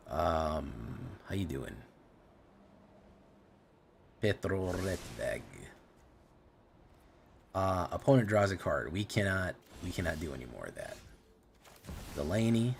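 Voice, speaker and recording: A man with a deep, low voice talks through a card game as he plays it, muttering card names and complaining about his luck, with plenty of swearing. Faint background noise sits under his voice. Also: sing-song, slow, creaky, long pauses. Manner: profane, exasperated running commentary on his own plays. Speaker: streamer. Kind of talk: casual live gameplay commentary.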